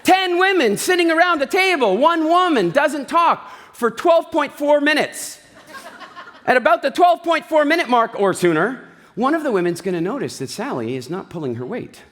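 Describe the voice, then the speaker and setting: A man giving an animated, jokey talk on stage, telling stories with voiced asides. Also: very high voice, moderate pace. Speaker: speaker. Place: large event hall. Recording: reverberant hall.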